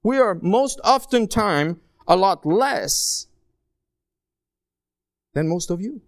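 Guy preaching a sermon, high voice, dry close sound, slows way down on big lines then gets loud and pleading. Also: expressive, no echo. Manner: dramatic, swings between soft asides and raised pleading; slow, drawn-out emphasis on key phrases. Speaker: guest preacher.

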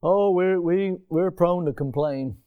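A middle-aged American man preaching a sermon as pastor, swinging from soft low passages to loud raised emphasis. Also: takes it slowly, clean tone, phone-quality sound. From United States.

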